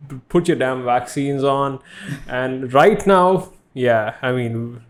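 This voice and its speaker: A Tamil-speaking man hosting a casual studio podcast, jokey and quick to laugh, often stumbling over his words. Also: mid-range voice. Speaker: podcast host.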